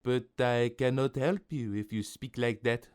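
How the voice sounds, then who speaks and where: A man voicing a kindly, polite French woman baker in an animated story. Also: medium pitch, measured pace, smooth, natural voice. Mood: apologetic. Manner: polite, apologetic.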